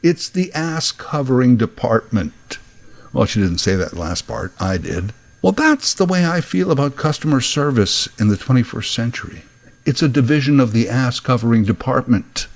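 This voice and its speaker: A man, hosting a podcast and delivering a wry, deadpan comic monologue. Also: mid-range voice, moderate pace, creaky. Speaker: podcast host. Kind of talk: comedic storytelling monologue.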